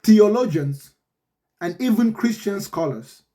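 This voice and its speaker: Male host, lively and argumentative, strongly varied pitch, casual chat. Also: a little slow. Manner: animated, argumentative storytelling. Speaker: podcast host.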